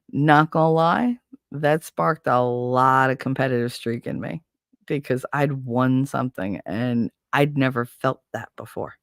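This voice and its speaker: A woman's voice: rumbling low, creaky, no echo, clean studio sound. A woman hosting a casual show, telling rambling stories with plenty of swearing and answering a viewer's comment. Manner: rambling, profane, animated storyteller. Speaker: host. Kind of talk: casual storytelling chat.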